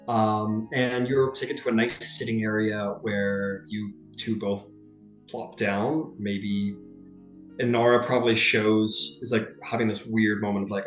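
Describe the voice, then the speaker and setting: A man's voice: medium pitch, a little slow, faint music behind. A man narrating a tabletop game as game master, rambling with many fillers. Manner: rambling, lots of "like" and "um". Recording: echoey room.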